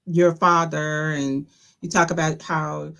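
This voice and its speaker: A woman's voice: low voice, little pitch movement, takes it slowly, creaky, fairly bright tone. A woman host in casual conversation, loose and chatty, laughing often. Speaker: podcast host. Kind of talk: casual chat.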